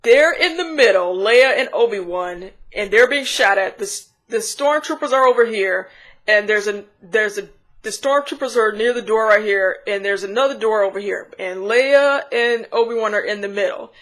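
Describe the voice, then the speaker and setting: A woman's voice: medium pitch, moderate pace, fairly bright tone. A woman reviewer giving a casual, rambling scene-by-scene recap, chatty with frequent restarts and giggles. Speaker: show reviewer.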